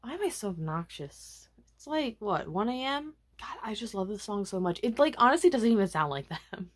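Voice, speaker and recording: A young woman vlogger chatting casually about music releases, animated and self-mocking, with frequent asides. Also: on the high side, normal speed, vocal fry, few pauses. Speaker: K-pop vlogger. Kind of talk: casual chatty album review.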